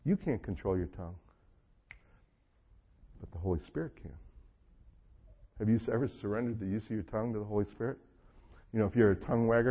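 Speaking briskly with long pauses, a Southern-accented pastor from North Carolina delivers a sermon in a medium-pitched, slightly rough voice. He tells stories and jokes in a conversational way, and the lo-fi recording sounds dull.

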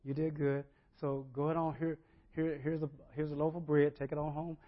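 A preacher voicing a calm, kindly male teacher who speaks in casual, easygoing words. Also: a little high, brisk, lo-fi sound, lightly acted.

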